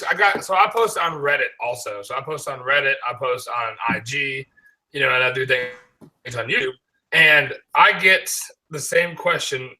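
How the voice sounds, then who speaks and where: Man, podcast host from the South, very bright tone, slightly high voice, loose and profane. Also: low-quality recording. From American South. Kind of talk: casual chat.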